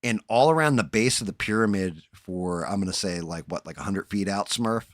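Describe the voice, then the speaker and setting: A man's voice: lowish voice, brisk, dry recording, studio quality. A man hosting a casual chat show, retelling horror movie plots in a loose, profane way and acting out the characters' lines. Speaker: podcast host.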